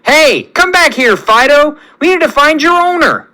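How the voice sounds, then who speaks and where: A man reading as a cocky young hero who is lonely underneath, from a fan story. The voice is bright and bounces up and down, chatty and pleading by turns. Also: high-pitched, big pitch swings, moderate pace, pitched above the performer's own voice, exaggerated voice. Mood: excited.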